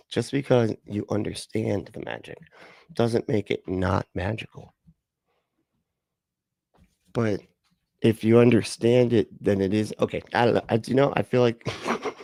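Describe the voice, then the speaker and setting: A man's voice: fairly low pitch, darkish tone, no room sound. A man hosting a casual livestream, reacting to videos and greeting chat in a sarcastic, laid-back, profane way. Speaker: livestream host.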